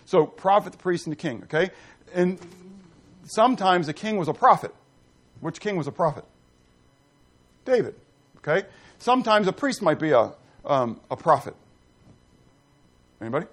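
A man's voice: high-pitched, animated, normal speed, pauses often. A middle-aged man preaching a sermon, reading scripture and putting questions to the congregation with emphasis. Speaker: pastor.

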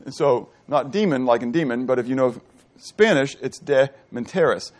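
A middle-aged man preaching a sermon, asking the congregation questions and answering them himself, moving between loud and quiet delivery. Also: medium pitch, expressive, normal speed. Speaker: pastor. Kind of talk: sermon teaching.

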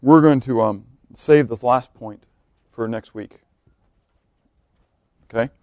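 A man preaching a verse-by-verse sermon, reading scripture aloud, swelling on key words and dropping low, often asking his listeners questions. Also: slow, warm tone, dry recording. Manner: emphatic, swells on key words then drops low, asks the congregation questions. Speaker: pastor.

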